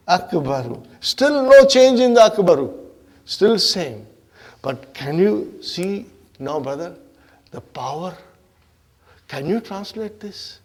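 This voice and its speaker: Man teaching a grammar class, fairly high voice, slow and deliberate, animated, acts out the grammar words. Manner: animated, checks in with the class with frequent "Huh?" and "Are you with me?". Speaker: Arabic teacher.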